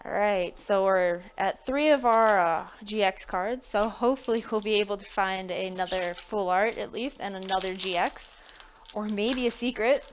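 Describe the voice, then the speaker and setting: A woman's voice: medium pitch, normal speed, a little hiss or hum. A woman chatting casually on a live stream while opening card packs, thinking aloud and laughing between remarks. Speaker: live-stream pack opener.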